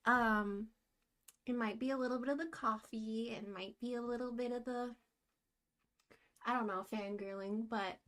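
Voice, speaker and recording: A young woman vlogging as she paints, talking in a giddy, gushing, excitable way. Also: a little high, moderate pace, long pauses. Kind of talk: casual vlog talk to camera.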